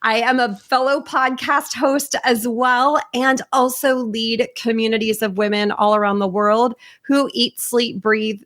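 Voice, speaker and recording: A woman's voice: on the high side, fairly even intonation, measured pace, hardly any pauses, fairly bright tone. Enthusiastic American woman podcast guest. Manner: enthusiastic, effusive. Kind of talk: podcast interview.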